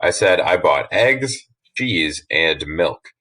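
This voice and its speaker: A man teacher walking students through a worksheet in a relaxed, explanatory way with frequent fillers. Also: low voice, slow. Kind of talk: recorded classroom lesson.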